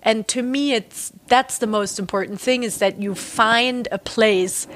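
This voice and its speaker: A woman in her forties from Germany, speaking candidly and emphatically in a relaxed interview, with frequent fillers. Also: fairly high pitch, a little slow, a little hiss or hum. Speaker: interviewee, artist. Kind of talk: casual conversational interview.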